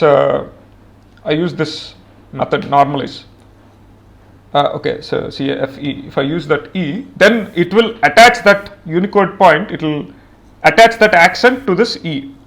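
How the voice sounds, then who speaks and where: Male coding instructor, higher-pitched voice, casual step-by-step explainer, lots of thinking-aloud fillers. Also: fairly bright tone. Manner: thinks aloud with many "uh" fillers and pauses while typing; explains step by step in a plain conversational way. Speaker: programming instructor. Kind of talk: screen-recorded coding tutorial.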